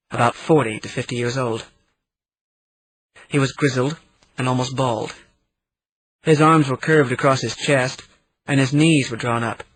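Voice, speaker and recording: A man narrating a novel in the first person at a steady, measured pace. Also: mid-range voice, low-quality recording. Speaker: audiobook narrator.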